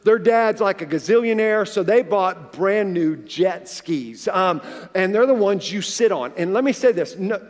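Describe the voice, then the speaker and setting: A man in his forties, a pastor preaching a sermon, telling a personal story in an animated way and acting out the dialogue. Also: sits high, unhurried. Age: 40s. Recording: long reverb of a large hall.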